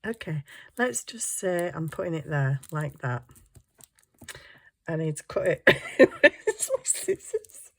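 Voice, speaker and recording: A woman's voice: deep voice, big pitch swings, slow, long pauses. A woman chatting casually while crafting at home, tired, ditzy and giggly, muttering to herself as she hunts round her desk. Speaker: craft vlogger.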